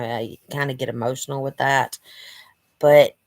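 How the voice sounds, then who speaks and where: Deep-voiced and slow, a woman speaks on a dry recording. As host of her channel, she chats casually to camera from her living room, rambling earnestly with many "you know" fillers while sounding a touch stuffed up from allergies.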